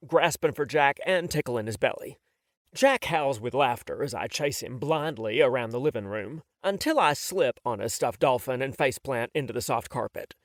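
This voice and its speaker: Lively, wry male audiobook narrator. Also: medium pitch, normal speed, no room sound, studio quality. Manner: wry, animated and self-mocking. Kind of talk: first-person novel narration.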